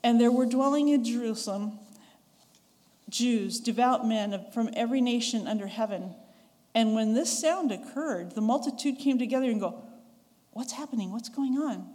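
A woman with a Western American accent preaches a sermon in an easy, conversational way, now and then chuckling and acting out what people said. Her voice sits a little high. The sound rings with the long reverb of a church sanctuary. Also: warm tone. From western United States. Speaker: pastor.

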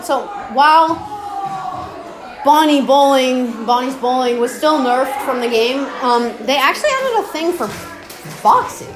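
A young woman chatting casually about game lore, rambling, laughing and swearing in slang. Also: sits high. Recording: roomy echo with music behind. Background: clear music.

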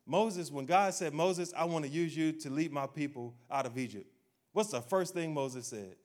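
A man preaching a sermon, speaking directly to his congregation and acting out people's doubts in a low, quiet voice. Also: moderate pace. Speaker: pastor.

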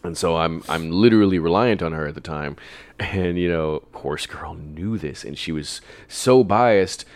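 A man's voice: low-pitched, measured pace, darkish tone, dry recording. A young man in casual chat, telling a long personal story in a rambling way, swearing freely and laughing often. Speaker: podcast guest telling a story.

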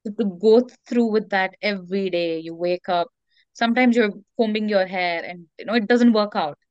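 A woman's voice: mid-range voice, normal speed, darkish tone, clean tone, no room sound, dull audio. A woman speaking candidly as an interview guest, earnest and reflective, with many fillers.

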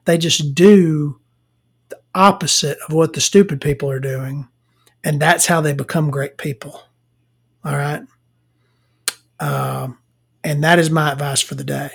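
Speaking in a deep, slightly rough voice with vocal fry, this woman from the Southern United States keeps her intonation fairly even and her pace measured, with long pauses. She's a vlogger delivering a casual, laughing rant of blunt, profane work stories to camera.

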